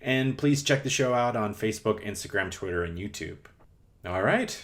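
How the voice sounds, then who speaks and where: A man's voice: fairly low pitch, lively intonation, normal speed. A young man hosting a podcast, chatting casually and rambling, with frequent restarts and fillers. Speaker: podcast host. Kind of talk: casual chat.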